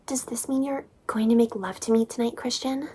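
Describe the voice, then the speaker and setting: A woman voicing a timid, naive young woman in a breathy, whispered role-play. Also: a little high, brisk, warm tone, voice pushed up. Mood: wide-eyed.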